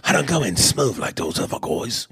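A man voicing a gruff, swaggering British-style male tough guy, raspy and taunting. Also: medium pitch, very animated, normal speed, fairly bright tone, dry recording, studio quality, full character voice.

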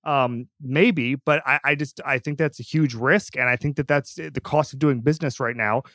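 A man's voice: medium pitch, fairly even intonation, moderate pace, a bit bright, no echo. A man hosting a sports podcast, talking casually and emphatically with frequent restarts. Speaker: podcast host.

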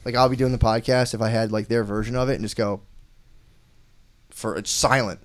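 A man's voice: on the low side, fairly even intonation, fairly quick. A man chatting as a podcast guest, telling rambling stories, swearing a lot and laughing often. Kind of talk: casual chat.

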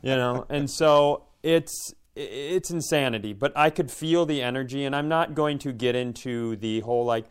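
A man's voice: medium pitch, normal speed, hardly any pauses, clean tone. A man co-hosting a podcast, telling a long anecdote in casual chat and slipping into quoted voices. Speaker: comedian podcast co-host.

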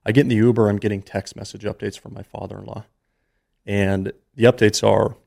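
A man's voice: on the low side, level tone, brisk, gravelly, a little mellow. A man in his thirties, a podcast guest, telling a personal story in an earnest, emotional, conversational way.

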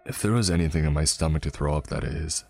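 A man narrating a dark first-person fantasy story in a grave, dramatic way, with faint music behind. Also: very deep voice, quick pace, gravelly.

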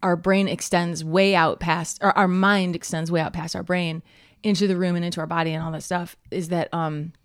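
A woman in her thirties co-hosts a podcast in a casual chat. Her voice sits a little low, and she tells stories in an animated way, full of "like" and "um". The close studio mic sounds dry. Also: moderate pace, dry recording. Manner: chatty, animated storytelling with many fillers and laughs. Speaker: podcast co-host.

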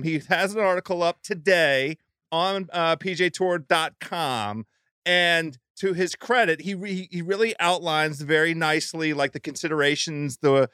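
A man's voice: fairly high pitch, a bit bright, clean tone, dry recording, studio quality. A man hosting a podcast, chatting casually with a rambling, joking manner. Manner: rambling, joking, many restarts. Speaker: podcast host.

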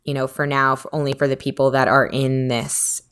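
A woman's voice: a bass voice, little pitch movement, brisk, clean tone. A woman hosting a podcast in casual, rambling chat with a Southern accent. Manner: chatty, rambling with fillers. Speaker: podcast host.

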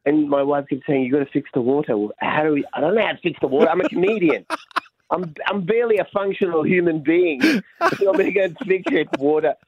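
Comedian guy on radio, kinda high voice, goofy self-deprecating storytelling, dry and a bit muffled. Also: fast, husky. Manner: animated, self-mocking, acts out quotes. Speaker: comedian guest. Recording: slightly dull radio sound.

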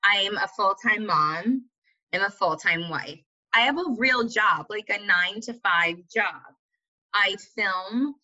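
Young woman guest, casual and dramatic, bright and forceful, muffled lo-fi recording. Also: medium pitch, takes it slowly. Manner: candid, dramatic and self-mocking. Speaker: podcast guest. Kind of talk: casual chat.

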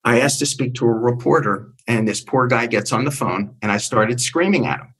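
An older man with a slightly husky, breathy voice tells his stories with relish. He slips into the voices of the people he quotes, jumping up in pitch to play them out. His pitch sits in the middle range for a man. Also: moderate pace, a bit bright, rough recording. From New Jersey. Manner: acts out quoted voices with big pitch jumps. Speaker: guest storyteller. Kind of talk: animated anecdotal storytelling.

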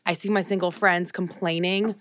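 A woman in her thirties co-hosting a podcast, chatting casually and getting animated and loud when worked up. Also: on the low side, normal speed, no room sound, studio quality. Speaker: podcast co-host. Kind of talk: casual chat. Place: moved from the West Coast to the East Coast.

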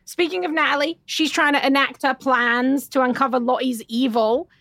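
A woman with a notably high voice recaps a TV drama for a podcast, chatting casually and slipping into quick acted-out quotes from the characters. The sound is dry and close, with no room behind it. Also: no echo. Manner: animated, acts out quotes, swears freely. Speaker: podcast co-host.

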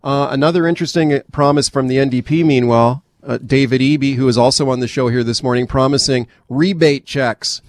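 A man's voice: mid-range voice, fairly quick, few pauses, no echo. A man hosting a radio talk show, chatting and putting questions to a guest commentator. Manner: conversational, questioning, lively. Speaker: radio host.

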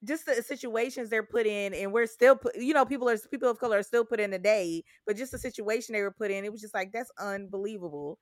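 A woman's voice: mid-range voice, fast, few pauses, dry recording, studio quality. A young woman co-hosting a podcast, talking emphatically about a TV series and often quoting her own reactions. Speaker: podcast co-host. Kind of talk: casual chat.

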